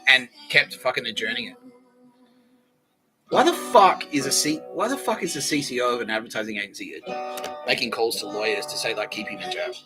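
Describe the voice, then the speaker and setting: The Australian host is animated and brisk here, his voice mid-range, as he tells a rambling, profane funny story on his podcast with lots of laughter. The recording is low quality, with music in the background.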